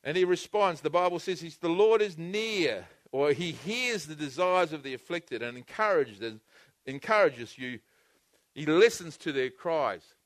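A man preaching a sermon, earnestly and repetitively, swinging between loud emphatic bursts and hushed, intimate passages. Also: a little high, lively intonation, normal speed, no room sound. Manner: repetitive, earnest, with frequent restarts.

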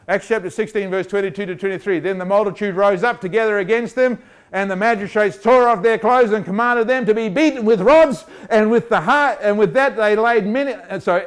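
A man preaching with a bright, high-set voice that stays clean and clear. He delivers the sermon in an animated, playful way, teasing his listeners and acting out little scenes. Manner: animated, jokey, acts out voices. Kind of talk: lively sermon.

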